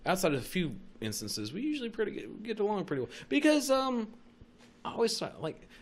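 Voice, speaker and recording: Profane, animated young man storytelling. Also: high voice, a little fast, over a noisy crowd. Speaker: podcast host. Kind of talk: casual podcast chat.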